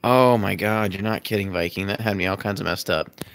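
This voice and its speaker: A man's voice: sits low, brisk, a bit bright. A man chatting casually on a livestream from his loft at home, rambling, yawning and answering viewer comments, recorded on a phone. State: sleepy, yawning. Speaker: livestream host. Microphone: phone camera.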